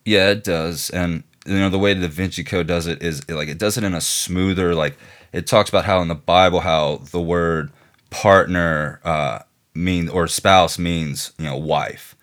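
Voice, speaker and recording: Southern guy with a really low voice, rambling on a podcast, lots of you knows. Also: fairly even intonation, a little slow, fairly bright tone. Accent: American Southern. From Southern United States. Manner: rambling, filler-heavy. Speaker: podcast co-host. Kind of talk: casual chat.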